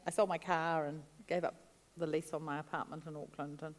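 A woman guest, a food writer, telling animated stories in an interview. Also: deep voice, fairly quick, in a large hall. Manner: chatty, animated storytelling with laughs. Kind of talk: storytelling interview answers.

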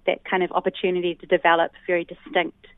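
Here the New Zealand linguist sounds lowish and monotone, with no echo on the dry, tinny phone connection. Her interview answers are explanatory, unhurried, and thoughtful, dotted with frequent ums.

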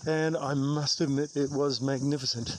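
A New Zealand hiker filming his long-trail trek talks to the camera in a laid-back, self-mocking manner, swearing mildly now and then. The voice is mid-range with fairly even intonation at a normal speed, recorded outdoors on a bush trail with insects audible behind it.

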